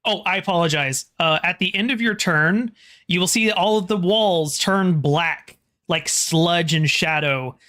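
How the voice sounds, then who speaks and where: A game master running a tabletop horror game, halting and restarting phrases while describing the scene and calling for rolls. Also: medium pitch, pushed and bright.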